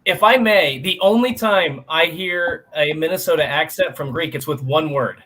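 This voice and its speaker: A man's voice: fairly high pitch, normal speed, sharp tone. A man co-hosting a sports radio show who playfully teases a guest. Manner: playful, teasing. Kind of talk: casual sports radio banter.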